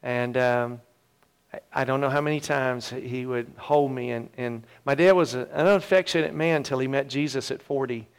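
A man in his fifties, a pastor telling his own story in a sermon with earnest, halting repeats. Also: medium pitch, clean tone. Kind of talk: sermon testimony.

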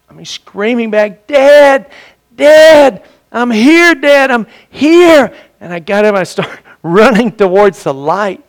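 A man's voice: on the high side, clean tone. A middle-aged man preaching, telling a personal story in an earnest way and building to fervent appeals to his congregation. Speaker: pastor.

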